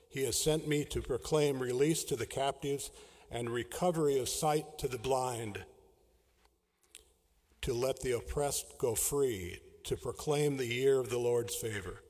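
Male scripture reader, measured and formal, long hall echo. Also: mid-range voice, a little mellow. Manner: measured, deliberate reading. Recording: large hall with long reverb.

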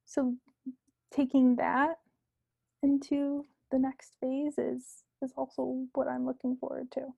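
Young woman guest, high husky voice, kinda flat, muffled lo-fi sound, earnest chatty vibe. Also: takes it slowly, no room sound. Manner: reflective, earnest, with frequent fillers and soft asides. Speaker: podcast guest. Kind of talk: casual podcast chat.

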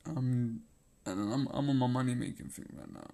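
A man's voice: medium pitch, normal speed, creaky, warm tone. A man ranting in a rambling, profane monologue, laughing often and repeating himself.

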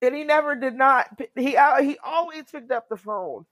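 A woman's voice: high voice, moderate pace, fairly bright tone. Woman cohost just chatting, jumps in with questions, no room echo. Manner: conversational, asks questions, backchannels often. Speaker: podcast co-host. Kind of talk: casual chat.

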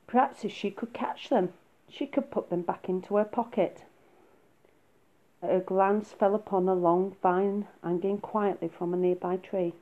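A woman reading a children's story aloud in a soft, unhurried way. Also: mid-range voice, steady tone. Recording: phone-like narrow sound.

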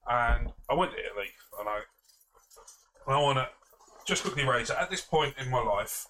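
A man's voice: medium pitch, lively intonation, moderate pace, bright, forceful tone. Male podcast co-host, casual storyteller, self-mocking and sweary, faint background noise. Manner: rambling, self-mocking, swears freely, laughs often.

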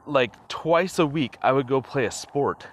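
Recorded on a phone with slight background noise, this casual solo podcast features a man who rambles, digresses, chuckles often, and uses plenty of fillers. His mid-range voice moves with lively intonation at a somewhat slow pace.

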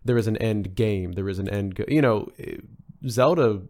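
A man talks casually on a podcast, his voice sitting fairly low. He rambles through his points, full of "you know" and restarts. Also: moderate pace, mellow. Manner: rambling, many fillers and restarts. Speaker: podcast guest.

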